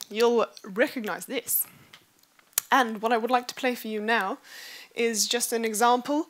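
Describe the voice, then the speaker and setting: A woman's voice: mid-range voice, fairly bright tone. A woman researcher giving a conference presentation, explaining her study with frequent fillers. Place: lecture hall.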